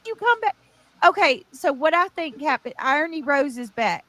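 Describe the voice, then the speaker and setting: A woman's voice: high voice, very animated, moderate pace, sharp tone, no echo. A woman co-hosting a reaction commentary, giggling and mocking the people in the clips. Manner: giggly, mocking, imitating voices. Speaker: co-host.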